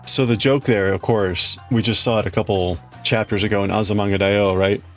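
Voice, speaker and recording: A man's voice: on the low side, fairly even intonation, a little fast, fairly bright tone, soft background music. A man hosting a livestream, chatting casually and rambling with his viewers, often restarting his sentences. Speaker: livestream host. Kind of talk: casual chat with live chat.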